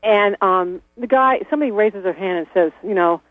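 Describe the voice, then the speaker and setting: A man's voice: sits high, normal speed, no echo. A man talking casually as an interview guest, chatty, laughing often and restarting his sentences. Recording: tinny phone-like line with mains hum.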